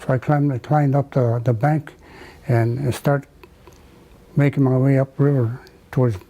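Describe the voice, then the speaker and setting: An older man from the United States, telling a wartime memory in an oral history interview, halting with many fillers and restarts. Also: mid-range voice, fairly even intonation, mellow, low-quality recording. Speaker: veteran interviewee.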